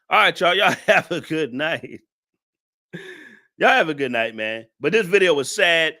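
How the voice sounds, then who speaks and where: A man's voice: a little high, very animated, a little slow, sharp tone. A man hosting a live stream, laughing as he roasts a viewer in loose, slangy casual talk. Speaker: live-stream show host.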